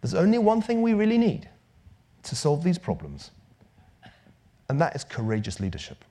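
A man's voice: a little high, moderate pace. Male speaker at a lectern; wry, emphatic, voice rising and falling a lot. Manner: dry wit, lively emphatic delivery. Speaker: lecturer. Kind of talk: public lecture and Q&A.

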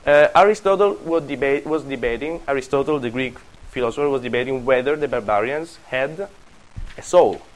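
A man gives a classroom lecture in English. He talks at a moderate, middle pitch and often stops to restart his sentences. His delivery is thoughtful and unpolished. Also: poor audio. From Italy. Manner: halting, with frequent restarts and fillers.

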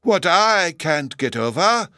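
A man voicing a vague, fussy empress with a prim, drawn-out way of speaking. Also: on the high side, big pitch swings, pushed and bright, no echo, studio quality, pitched above the performer's own voice, heavily acted. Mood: airy whisper.

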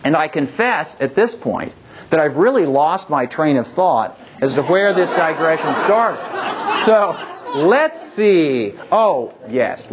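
A man giving a public history lecture, lively and digressive, with wry asides. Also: fairly high pitch, slow pace, dull audio, crowd noise. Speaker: guest lecturer.

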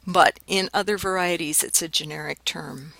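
A woman giving a university lecture in a recorded class, explaining clearly and demonstrating different pronunciations aloud. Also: lowish voice, fairly even intonation, normal speed, fairly bright tone, no echo, low-quality recording. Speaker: linguistics lecturer.

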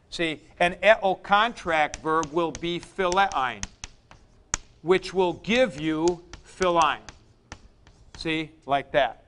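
A man's voice: a little high, a bit bright, smooth. A man lecturing a class, thinking aloud and repeating key points for emphasis as he writes on a board in a classroom. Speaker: Greek teacher.

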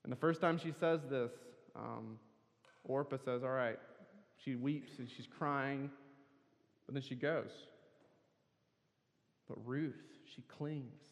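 A man's voice: medium pitch, slow, pauses often. A man preaching at a campus worship service, telling a scripture story earnestly and pressing hard on key words. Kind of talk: sermon. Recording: long hall reverb.

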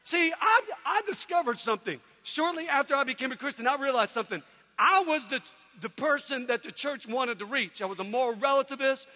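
A man giving an energetic sermon testimony to a crowd, animated and often shouting. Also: very high voice. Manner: animated, shouting, mimicking people. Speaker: preacher. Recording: long hall reverb.

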